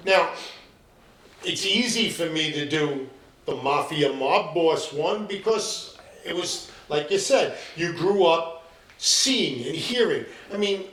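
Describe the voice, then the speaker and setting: A man's voice: a little high, animated, takes it slowly, fairly bright tone. A man talking casually on a podcast as a guest actor, upbeat and jokey. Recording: echoey room.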